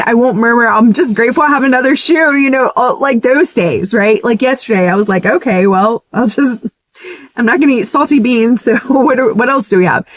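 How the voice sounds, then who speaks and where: A woman's voice: on the high side, no room sound. A woman sharing a casual, earnest testimony in a vlog, chatty and emotional. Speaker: ministry vlogger.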